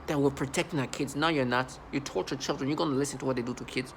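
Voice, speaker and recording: A man's voice: mid-range voice, steady tone, fast talker, a little hiss or hum. A man talking to camera in an agitated, rambling monologue, often repeating and restarting himself. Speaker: channel host.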